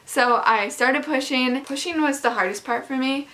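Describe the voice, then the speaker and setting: Brief: young woman vlogger, a bit high-pitched, candid and chatty, relaxed storytelling. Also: moderate pace. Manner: chatty, many likes and ums, candid. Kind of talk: casual storytelling.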